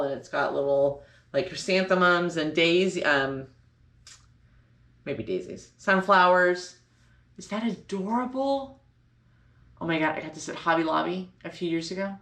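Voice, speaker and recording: Chatting away in her home sewing room, this sewing channel host is bubbly and rambling and keeps correcting herself. Her pitch is fairly low with a slightly bright quality, and the echoey room carries a faint ambience.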